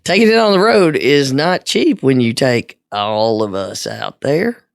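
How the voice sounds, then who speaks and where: A woman co-hosts a podcast in easy, casual conversation. Her pitch moves up and down a lot. She sounds low-key and often restarts her sentences, recorded close and dry. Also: lively intonation, measured pace, vocal fry, dry recording. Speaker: podcast co-host. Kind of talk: casual chat.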